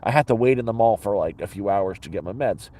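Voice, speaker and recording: A man's voice: on the low side, lively intonation, fast, warm tone. A man vlogging from inside his sleeping bag, telling a story in a blunt, profane, rambling way with many restarts. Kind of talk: casual rambling storytelling to camera.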